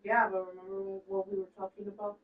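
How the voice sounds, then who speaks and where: Woman friend, flat delivery, blunt questions, muffled distant sound. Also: mid-range voice, fast. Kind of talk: casual chat. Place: at home, shared apartment.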